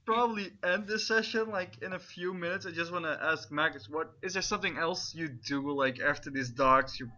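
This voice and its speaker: A man's voice: fairly high pitch, moderate pace, few pauses, sharp tone, highs cut off. A man running a tabletop game as game master, rambling with filler words and frequent laughter.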